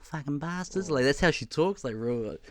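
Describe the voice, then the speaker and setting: Sweary animated New man. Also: mid-range voice, a little fast. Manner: frank, sweary, animated storytelling with acted-out quotes. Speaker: podcast co-host. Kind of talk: casual podcast chat.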